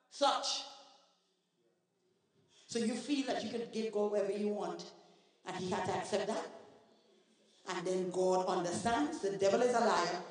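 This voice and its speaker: A high-pitched man with a Trinidadian accent preaches a passionate sermon, calling on the congregation to respond. His voice rings through a big, echoing church hall with a long reverb tail, and he sounds far from the microphone. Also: normal speed, pauses often. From Trinidad and Tobago. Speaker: guest preacher.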